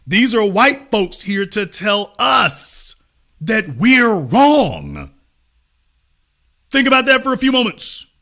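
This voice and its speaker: A middle-aged host delivers a live-streamed commentary monologue in a high, bright voice with widely swinging pitch. Emphatic and driving, he hammers points home with preacher-like repetition and swears now and then for emphasis.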